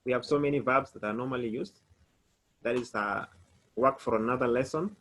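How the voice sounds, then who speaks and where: A man teaching a language lesson, slowly spelling words letter by letter and repeating each phrase for his students. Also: mid-range voice, a bit bright, rough recording. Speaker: French teacher.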